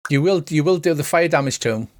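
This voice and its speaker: A man narrating and running a tabletop game online as game master, in a brisk, dry, bantering way. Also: a little high, animated, no room sound.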